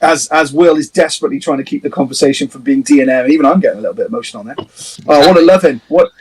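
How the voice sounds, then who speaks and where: A man's voice: a little high, racing, a little mellow, breathy edge, low-quality recording. A man from a band, chatting casually on a livestream, rambling, laughing often and swearing a little. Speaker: band member hosting a livestream. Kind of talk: casual chat.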